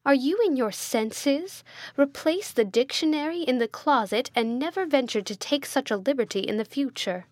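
A cold, imperious old schoolmistress, as a woman reading a novel aloud puts her on. She speaks slowly and haughtily, pitched high above an ordinary speaking voice. The recording is dry and close. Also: no room sound, lightly acted. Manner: slow, haughty, commanding. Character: stern, pompous elderly schoolmistress, icily cold. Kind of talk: audiobook character voice.

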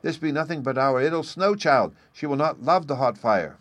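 A man voicing a stubborn little boy who shouts and insists in a storybook reading. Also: on the high side, lively intonation, moderate pace, dry recording, pitched above the performer's own voice. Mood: insistent.

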